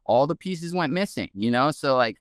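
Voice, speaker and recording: A man, a guest researcher, telling a story in a casual, animated way with many "like"s. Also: medium pitch, normal speed, no echo, studio quality. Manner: animated, heavy use of "like".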